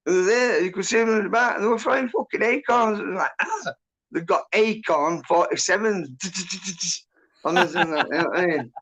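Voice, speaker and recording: A man's voice: sits high, normal speed, fairly bright tone. A man telling a rambling, sweary, agitated story in casual chat. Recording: muffled lo-fi audio.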